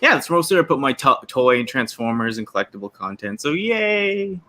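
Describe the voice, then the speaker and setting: A man's voice: mid-range voice, expressive, quick pace, bright, forceful tone. A man chatting loosely as a guest on a livestream panel over a video call, often trailing off.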